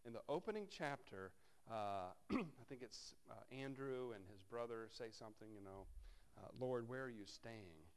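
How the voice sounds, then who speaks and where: A man's voice: medium pitch, expressive, moderate pace, few pauses, clear, resonant tone. Man preaching a conversational sermon. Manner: conversational, wry asides while reading scripture. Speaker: pastor.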